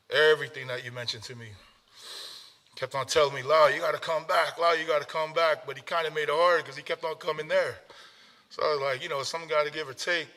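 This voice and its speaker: A man's voice: mid-range voice, pushed and bright. A man speaking at his father's memorial, heartfelt and fighting back tears, often saying "man". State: tearful. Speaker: son giving a eulogy. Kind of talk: emotional memorial speech.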